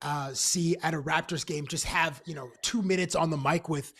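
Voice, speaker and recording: High-voiced rambling man co-host. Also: fairly even intonation, moderate pace, a bit bright. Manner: rambling, many fillers and restarts, enthusiastic. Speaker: sports talk show co-host. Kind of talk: casual chat.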